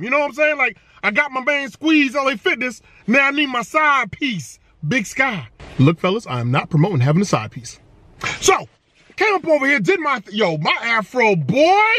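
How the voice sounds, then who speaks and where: Energetic male vlogger, high bright voice, playful slang. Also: moderate pace, no room sound. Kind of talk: casual hype vlog talk.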